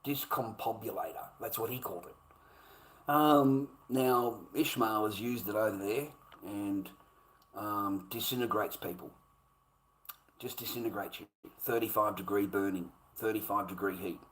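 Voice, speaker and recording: Forceful, heated man ranting. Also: fairly low pitch, unhurried. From Australia. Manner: heated, profane, repetitive. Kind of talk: ranting monologue.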